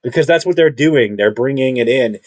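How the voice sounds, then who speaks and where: A man speaking in an unscripted monologue, rambling and halting with many restarts, combative and self-assured. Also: mid-range voice, animated, a little mellow. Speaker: video commentator.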